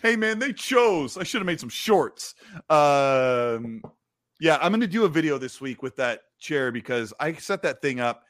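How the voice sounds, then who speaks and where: A man's voice: fairly high pitch, very animated, unhurried, a bit bright, no room sound, clean studio sound. A man hosting a live gaming show, chatting casually and reading viewer messages aloud. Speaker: host of a gaming stream show. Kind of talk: casual live-stream chat.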